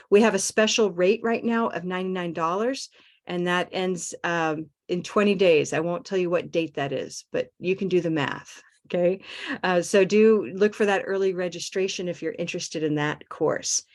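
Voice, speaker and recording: A woman's voice: on the low side, moderate pace. Upbeat woman teaching pronunciation. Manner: warm, checks in with frequent "okay?". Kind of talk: live online class, upbeat and encouraging.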